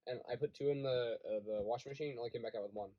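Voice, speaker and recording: A man's voice: medium pitch, racing, muffled recording, a crowd in the background. Young male co-host, jokey and playful, casual banter with friends. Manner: goofy, jokey, laughs often. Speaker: podcast co-host. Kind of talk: casual chat among friends.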